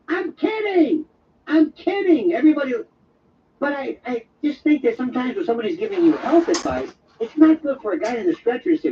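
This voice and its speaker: A man hosting an overnight radio talk show. He tells a wandering, jokey monologue and slips into quick impressions. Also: very high-pitched, sing-song, far from the mic, dull audio, slight background noise. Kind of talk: rambling comic monologue.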